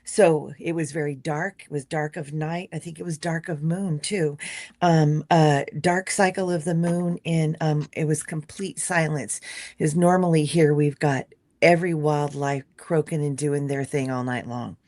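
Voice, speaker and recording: Low gravelly woman telling a dream. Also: steady tone. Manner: halting, many fillers, shifting loud and soft. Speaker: guest sharing a dream. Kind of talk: casual storytelling on a live stream. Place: home in a rural wildland area.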